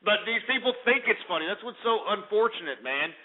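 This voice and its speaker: A man's voice: high-pitched, lively intonation, a little fast. A man hosting a call-in radio show, ranting angrily and berating his callers. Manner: angry, exasperated, insulting callers. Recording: tinny phone-like audio.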